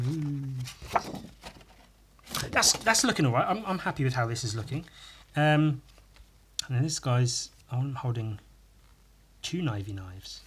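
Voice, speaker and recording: This man's voice is medium in pitch, a bit bright and breathy, animated yet unhurried, with long pauses. Hosting a podcast alone while he sketches, he rambles profanely, mocks himself, and keeps restarting and going off on asides.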